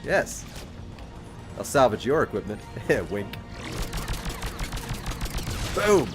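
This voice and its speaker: Giggly, animated streamer guy. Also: fairly low pitch, extremely slow, over music. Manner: giggly, jokey, loud exclamations in fights. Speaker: game streamer. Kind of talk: gameplay livestream commentary.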